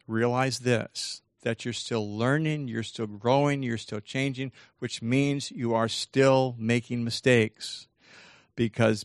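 Man, motivational speaker, animated seminar talk, mid-pitched voice, dry close sound. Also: gravelly, dry recording. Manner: animated, acts out inner dialogue.

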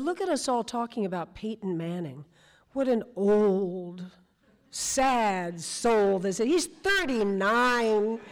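A woman in her sixties, a guest speaker telling lively, theatrical stories in a conversation on stage before an audience. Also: mid-range voice. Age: 60s.

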